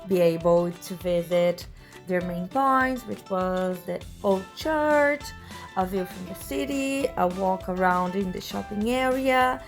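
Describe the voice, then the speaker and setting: Slow, chatty woman vlogger. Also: medium pitch, soft background music. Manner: chatty, repeats words for emphasis. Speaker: travel vlogger. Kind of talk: travel vlog voice-over.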